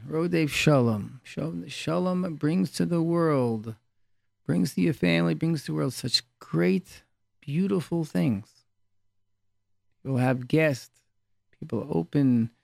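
A man with a heavily gravelly, fry-laden voice gives a relaxed Torah class, weaving in anecdotes and hammering home a refrain by repeating it. His voice sits a little high for a man. The sound is close and completely dry, with no room around it. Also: dry recording. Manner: storytelling, repeats key phrases for emphasis. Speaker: rabbi.

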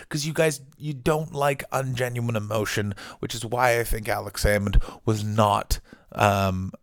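A man hosting a podcast, ranting comically in a loud, excitable way, swearing and jumping between topics. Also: medium pitch. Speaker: podcast host. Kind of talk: comic rant. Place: hotel room. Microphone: video call microphone.

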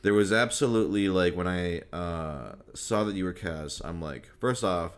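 A man hosting a podcast interview, talking in a relaxed way with lots of "like" fillers and casual swearing. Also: deep voice, normal speed, clean tone. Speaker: podcast host.

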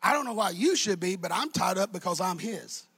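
High, raspy pastor preaching in bursts. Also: male voice, lively intonation, fairly quick. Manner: shouting, sing-song preaching cadence. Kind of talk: sermon.

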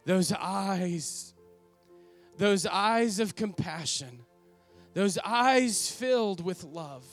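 A man's voice: high voice, animated, drawn-out words, faint music behind, heavily acted. A man playing an earnest apostle in a dramatic first-person monologue, speaking with reverent, emotional awe. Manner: reverent, emotional, lingering on sighed exclamations. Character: awestruck older male apostle, earnest ex-fisherman.

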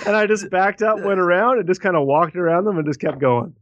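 A man, co-hosting a podcast and telling stories in an animated, profane way. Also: a little high, a little fast, hardly any pauses, no room sound. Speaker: podcast co-host. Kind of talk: casual chat.

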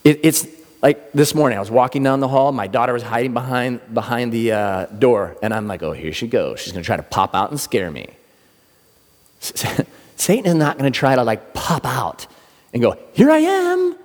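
A man's voice: medium pitch, normal speed. Man preaching in a reverberant hall. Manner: animated storyteller acting out quoted voices. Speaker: pastor. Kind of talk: sermon storytelling.

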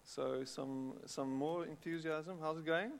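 A man's voice: fairly high pitch, fairly even intonation, measured pace, creaky. A man with a South African English accent preaching a sermon, chatting with the congregation and often repeating words. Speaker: pastor. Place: church hall with long reverb. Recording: echoey hall.

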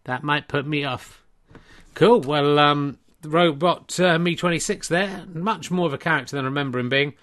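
Self-mocking middle-aged podcast host. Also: male voice, fairly high pitch, moderate pace, a bit bright. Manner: rambling, self-mocking, many restarts. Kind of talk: comic solo podcast.

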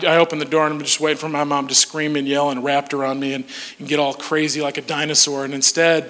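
Man, 40s, storyteller, bright forceful voice, jokey, reverb of a big hall. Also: fairly high pitch. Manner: animated, jokey storytelling with sudden drops to a hush. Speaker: speaker telling a personal story. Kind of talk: storytelling talk to an audience.

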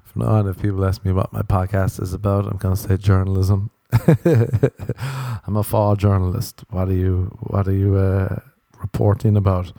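Swearing Irish man with a dark voice. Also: low-pitched, flat delivery, normal speed, gravelly, dry recording, clean studio sound. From Ireland. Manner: rambling, profane, self-mocking. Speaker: podcast host. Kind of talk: casual comedic monologue.

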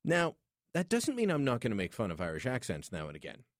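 A man's voice: medium pitch, huge pitch swings, fast, no room sound. A man hosting a call-in radio show, joking and opinionated as he talks into a studio microphone. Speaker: radio talk show host.

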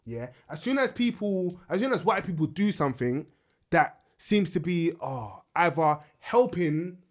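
A man's voice: a little high, unhurried. A young man arguing heatedly in a casual group debate, often repeating himself. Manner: animated, interrupts, repeats "that's what I'm saying".

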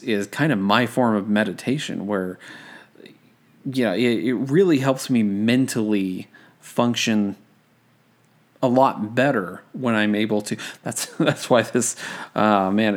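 A young man hosting a casual study-tips podcast, rambling and self-deprecating, full of fillers and restarts. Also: lowish voice. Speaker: podcast host.

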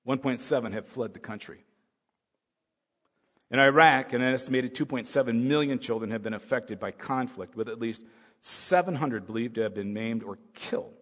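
A male pastor giving a sermon, swinging from soft musing to loud, urgent preaching. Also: medium pitch, normal speed. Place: church hall. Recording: long hall reverb.

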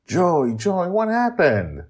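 A man voicing a desperate father in an audio story, urging and commanding loudly to save his daughter. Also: high-pitched, huge pitch swings, takes it slowly, breathy edge, voice pushed up, full character voice. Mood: urgent. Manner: urgent, commanding, shouting.

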